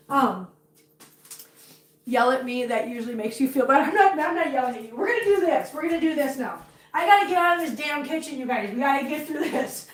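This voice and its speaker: Her voice is high-pitched and brisk. Streaming casually from her home kitchen, this host chats emotionally with viewers and breaks off to coo baby talk at her cats, and her voice sounds distant in the roomy echo.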